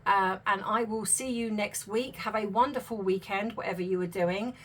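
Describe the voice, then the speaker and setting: A woman's voice: mid-range voice, normal speed, a bit bright. A middle-aged woman, chatting to her viewers in a casual, self-deprecating vlog. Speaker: YouTube commentary host.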